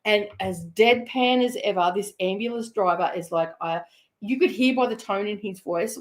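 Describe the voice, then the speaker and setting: A woman's voice: mid-range voice, normal speed. Chatty Australian woman telling a story. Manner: animated, laughing, chatty. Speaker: host. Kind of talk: casual storytelling.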